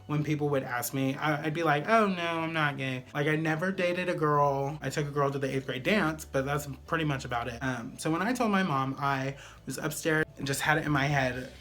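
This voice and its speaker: A man's voice: a little high, a little fast, few pauses, a bit bright. A man vlogger telling a personal story in a casual, chatty way, full of fillers like "like" and "pretty much".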